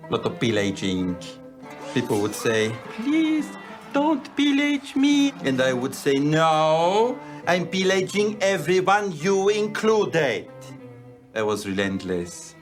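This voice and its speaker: A man's voice: fairly high pitch, wildly swooping pitch, slow, soft background music, full character voice. An actor playing a pompous centuries-old male vampire, a former warrior, with a grandiose, pleading insistence. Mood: boastful.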